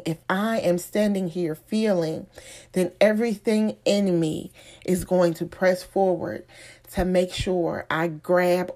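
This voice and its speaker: Woman, lowish voice, motivational speech, emphatic, repetitive, deliberate pauses. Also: a little mellow. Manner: emphatic, repeating phrases, slowing for effect. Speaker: motivational speaker. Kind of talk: inspirational speech.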